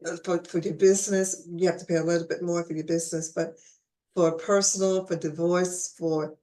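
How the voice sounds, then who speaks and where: A woman's voice: fairly low pitch, steady tone, moderate pace, warm tone. A woman hosting a casual conversational interview, chatty and restarting her phrases, with the hiccups. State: has the hiccups.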